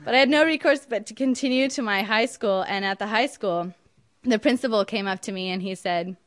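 A young woman telling a personal story in an emphatic, indignant, animated way. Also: mid-range voice, fairly quick.

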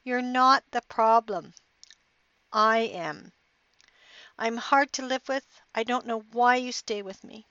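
A woman voicing a bitter, cynical wife with sharp, snappish retorts in a story she tells on her podcast. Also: on the high side, slow, pauses often, dry recording. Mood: tearful. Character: bitter, then tearful wife, middle-aged woman. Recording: dull lo-fi podcast audio.

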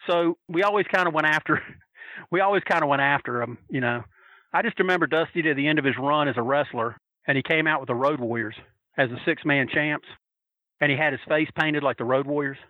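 A man telling a story in a casual, animated way, swearing freely and acting out the voices of the people he quotes. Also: fairly high pitch, a little fast, no echo, narrow, tinny audio. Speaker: storyteller recalling wrestling fan days.

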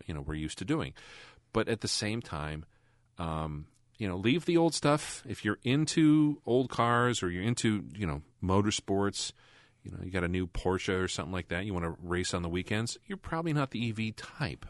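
A man's voice: low-pitched, no room sound, clean studio sound. A man co-hosting a casual car podcast, talking in a rambling, chatty way and laughing often. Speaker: podcast co-host.

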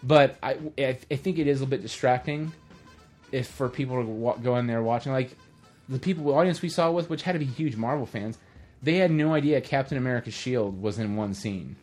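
A man co-hosting a casual podcast, retelling film scenes in a lively way and acting out the characters' lines in quick voices. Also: medium pitch, soft background music. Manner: animated storyteller who acts out movie scenes in quick voices. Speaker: podcast co-host. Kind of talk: casual movie chat.

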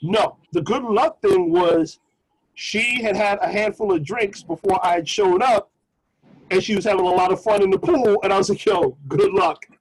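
Slangy high-voiced husky storyteller man. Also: normal speed, poor audio. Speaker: podcast co-host. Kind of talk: casual storytelling chat.

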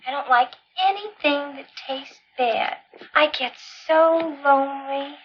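A woman's voice: sits high, steady tone, slow, lo-fi sound, a little hiss or hum. An actress playing a lonely, unhinged woman who speaks plaintively and tearfully, wavering between sweet and menacing, in film dialogue.

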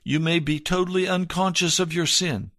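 A man preaching a sermon as pastor, reading aloud and speaking in an earnest, measured way that drops soft and low for emphasis. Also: fairly even intonation, no room sound, clean studio sound.

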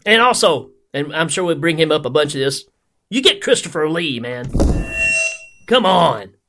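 A man hosting a movie podcast, chatting casually in an excitable, giggly, rambling way. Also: on the high side, normal speed, creaky, soft background music. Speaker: podcast host.

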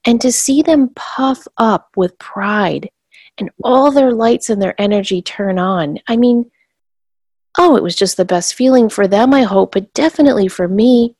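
A woman's voice: mid-range voice, animated, moderate pace, a little mellow, dry recording, studio quality. A woman who used to teach, co-hosting a casual chat and telling stories with emphatic energy. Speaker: podcast co-host, former teacher.

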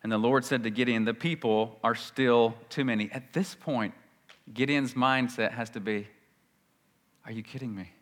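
A man preaching a sermon, emphatic, swinging between loud declarations and hushed asides, reading scripture with dramatic weight. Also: medium pitch, steady tone, moderate pace.

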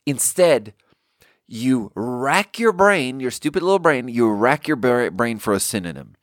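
Lively, rambling man ranting casually. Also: mid-range voice, unhurried, no room sound, clean studio sound. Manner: swears freely and acts out quoted exchanges; rambling, with frequent restarts. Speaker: podcast host. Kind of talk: casual comedic monologue.

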